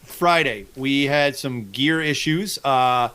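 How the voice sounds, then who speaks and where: A man's voice: medium pitch, slow pace, pushed and bright, clean tone. A man hosting a casual fishing podcast, telling rambling, profane stories about his trips. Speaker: podcast host.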